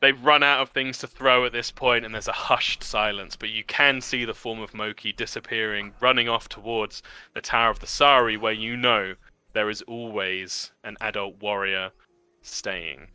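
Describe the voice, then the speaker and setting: A man's voice: on the low side, fairly even intonation, moderate pace, sharp tone, smooth, dry recording. A man narrating a tabletop game as game master, describing the scene vividly with fillers.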